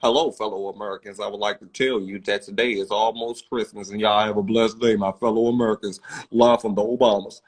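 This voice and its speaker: A man's voice: lowish voice, fairly even intonation, a little fast, husky, pitched below the performer's own voice, low-quality recording. A man doing an impression of a president giving a formal address, mocking a polished way of speaking.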